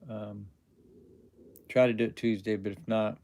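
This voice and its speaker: Rambling, halting male live-stream host. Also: on the low side, level tone, noisy background. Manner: rambling, halting, answers viewer chat. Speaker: livestream host. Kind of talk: casual live-stream chat.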